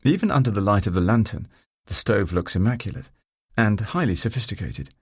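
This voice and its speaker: A man narrating a first-person novel in a measured, dry and wry manner. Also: on the low side, animated, breathy edge, dry recording. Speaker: audiobook narrator.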